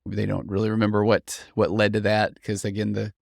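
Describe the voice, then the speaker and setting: A man's voice: fairly low pitch, brisk, gravelly, dry recording, clean studio sound. A middle-aged man hosting a podcast, talking earnestly and thoughtfully as he reads and reflects on listener stories. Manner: earnest, reflective, animated when quoting listeners. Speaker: podcast host, therapist. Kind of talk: conversational podcast monologue reading listener stories.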